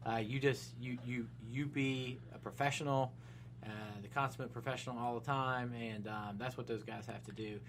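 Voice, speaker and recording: Male co-host, loose rambling delivery, restarts and laughs, mid-pitched voice. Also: little pitch movement, normal speed, fairly bright tone, slight background noise. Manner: rambling, many restarts and fillers, laughs at own jokes. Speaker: podcast co-host. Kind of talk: casual sports chat.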